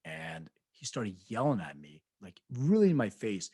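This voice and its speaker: A man's voice: lowish voice, big pitch swings, moderate pace, mellow, breathy edge, no echo. A man co-hosting a podcast, telling rambling anecdotes in casual chat, acting out quoted voices and laughing often. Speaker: podcast co-host.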